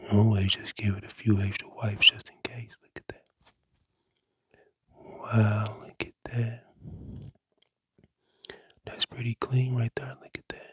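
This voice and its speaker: A man whispering slowly through an ASMR cleaning video indoors, repeating the same short phrases over and over. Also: fairly low pitch, breathy edge, no room sound, clean studio sound. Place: indoors at a rented home.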